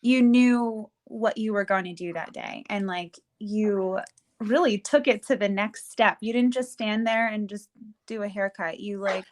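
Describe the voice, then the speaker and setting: A woman hosting an interview, responding with warm affirming reactions. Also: mid-range voice, measured pace. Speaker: host. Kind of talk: interview chat.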